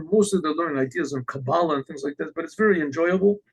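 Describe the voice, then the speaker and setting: A rabbi telling a story in an animated way, acting out the characters with exclamations. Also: male voice, on the high side, fast talker, husky, rough recording. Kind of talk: storytelling talk.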